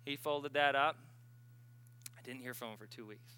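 A man preaching at a healing service, telling stories with sudden bursts of excitement. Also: mid-range voice, moderate pace, clean tone. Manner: animated storyteller, bursts of excitement. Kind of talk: sermon.

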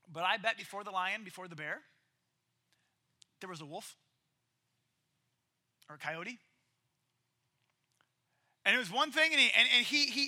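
A man preaching a casual, story-driven sermon in a lively, conversational way. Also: very high-pitched. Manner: lively, conversational, acts out quoted characters.

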